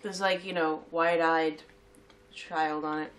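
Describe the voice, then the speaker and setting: A woman's voice: sits low, little pitch movement, takes it slowly. Chatty, giggly woman co-host. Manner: chatty and giggly, reads labels aloud. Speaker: co-host tasting sweets. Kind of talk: casual chat.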